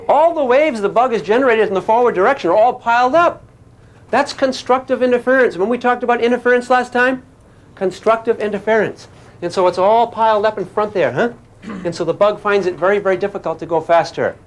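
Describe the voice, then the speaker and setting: A man's voice: high voice, brisk. An older man giving a physics lecture to a class in a playful way, often asking questions and making sound effects.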